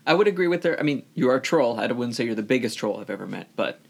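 Husky, gravelly man teasing his colleague. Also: medium pitch, lively intonation, racing. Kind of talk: casual podcast chat.

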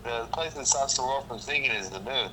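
A man's voice: mid-range voice, fairly quick, bright, forceful tone, a little hiss or hum, poor audio. A man as a podcast guest, laid-back and swearing, often calling people dude. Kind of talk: casual podcast chat.

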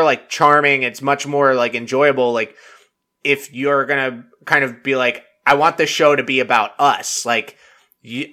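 Here a reality TV recap vlogger talks casually in a medium-pitched voice with a sharp tone. His recap meanders, thick with fillers and plenty of profanity.

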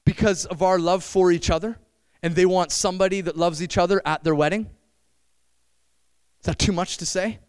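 A young man preaching a sermon, animated and addressing the congregation with frequent questions. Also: high-pitched, dry recording.

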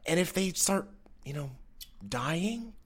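A man co-hosting a podcast, joking in casual chat as a deadpan mock expert. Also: sits high, slow pace, slightly rough. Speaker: podcast co-host.

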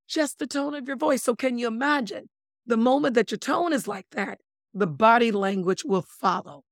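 A body language expert, this woman has a fairly high, gravelly voice and speaks at a normal speed during a casual interview. She's animated and emphatic, enjoys wordplay, and calls her audience "my lovelies" in a dry, clean studio recording.

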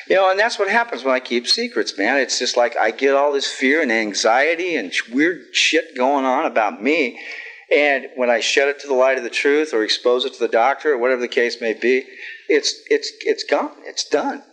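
A man's voice: medium pitch, expressive, moderate pace, a bit bright, low-quality recording. Candid middle-aged man sharing his story. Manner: plain-spoken and candid, with frequent fillers and self-deprecating humor. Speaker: recovery meeting speaker. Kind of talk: personal sharing talk.

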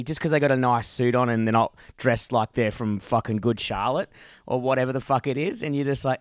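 Brash, excitable man, dry close sound. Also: medium pitch, fairly quick, no echo. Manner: brash, excitable, heavy swearing. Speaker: podcast co-host. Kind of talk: casual chat.

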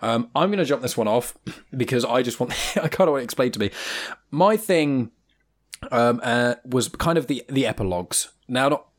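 Un uomo con britannico che conduce un podcast di cinema, chiacchierando in modo disordinato e autoironico, ridendo spesso. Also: male voice, medium pitch, lively intonation, moderate pace. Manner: rambling, self-deprecating, laughs often. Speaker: podcast host. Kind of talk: casual film podcast chat.

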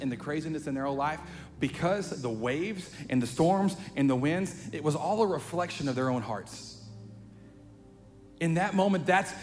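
A pastor preaching a sermon in a chatty, conversational way, building to animated emphasis. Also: male voice, on the high side. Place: church sanctuary. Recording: long hall reverb, faint music.

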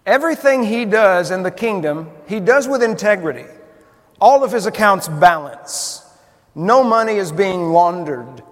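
Male preacher, conversational sermon delivery, high voice, hall reverb. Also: animated, a little slow. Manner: conversational, asks the listeners questions.

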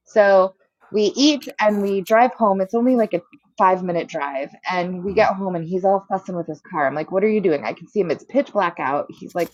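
A young woman co-hosting a casual chat, telling an exasperated story and acting out quotes with big jumps in pitch. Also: brisk, no echo, muffled recording. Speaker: co-host.

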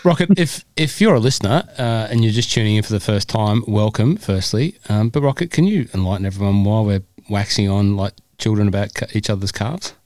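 A man's voice: lowish voice, a little fast, few pauses, a little mellow, no echo. A man hosting a casual podcast, joking and rambling with frequent laughs. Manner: jokey, rambling, laughs often. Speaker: podcast host.

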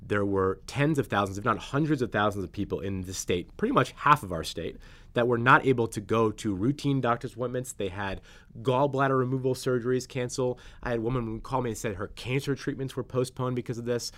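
A man's voice: mid-range voice, a little fast, a bit bright. A man, a state legislator, answering listener questions on a podcast in an earnest, explanatory way, setting out his points one by one. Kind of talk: podcast policy discussion.

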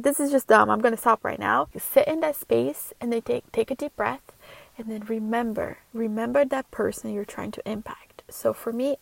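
Earnest woman with a gravelly edge. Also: a little high, a little mellow, no echo, rough recording. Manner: earnest, heartfelt, chatty with filler words. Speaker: podcast host and business coach for moms. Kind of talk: casual motivational monologue.

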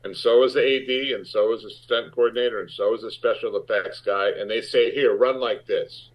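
A man telling an animated, profane story as an interview guest, acting out the lines of other people. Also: on the low side, brisk. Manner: animated, profane anecdote-telling with acted-out quotes. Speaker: actor guest. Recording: dull lo-fi sound.

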